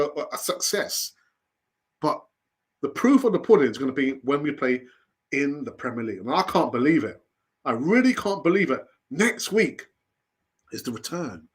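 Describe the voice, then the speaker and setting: A man hosting a live football news stream, talking animatedly and repeating his phrases. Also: on the high side. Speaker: football channel host.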